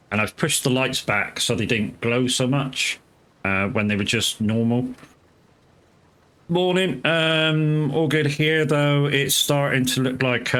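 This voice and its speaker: A man's voice: medium pitch, a bit bright, clear, resonant tone. Rambling man streaming a game. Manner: rambling, swears casually, greets chat viewers by name. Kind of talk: casual live gameplay commentary.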